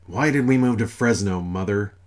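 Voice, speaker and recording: Cranky old god who roars and swears, put on by a deep-voiced male narrator. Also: moderate pace, close to an everyday voice. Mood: indignant. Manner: roaring, cursing, demanding. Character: ancient wrathful male god, cranky and bellowing.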